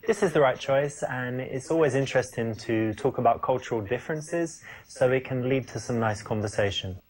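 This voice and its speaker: Brief: actor voicing self-assured dating coach, explains tips plainly, game commentary. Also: male voice, medium pitch, normal speed, close to an everyday voice, low-quality recording. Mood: instructive. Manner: instructive, matter-of-fact. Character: confident male dating coach, instructive.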